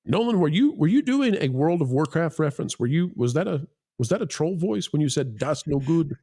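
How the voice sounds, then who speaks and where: A man's voice: on the high side, big pitch swings, brisk, warm tone, husky. A man hosting a live online panel show, joking and teasing his co-hosts between plugs and reading out donations. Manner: jokey, teasing, rambling with fillers. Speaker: livestream host. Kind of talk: casual livestream panel chat.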